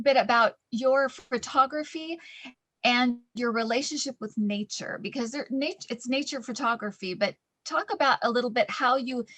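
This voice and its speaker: A woman interviewer asking a guest about her work, enthusiastic and a little halting. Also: fairly high pitch, fairly bright tone, no echo. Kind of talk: interview questions.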